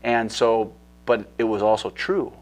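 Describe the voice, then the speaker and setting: A man's voice: fairly low pitch, flat delivery, measured pace, soft background music. A man talking as a guest in a casual interview, eager and rambling with many fillers.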